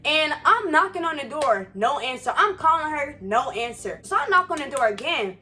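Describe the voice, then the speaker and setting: A young woman telling a storytime on her vlog, animated and profane, full of slang and fired-up asides. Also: high-pitched, normal speed. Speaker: vlogger. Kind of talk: casual storytime. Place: Florida.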